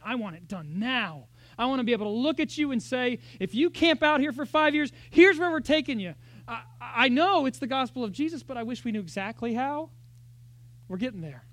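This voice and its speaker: In church, a male pastor delivers his sermon conversationally and with animation, asking lots of rhetorical questions. His voice sits high.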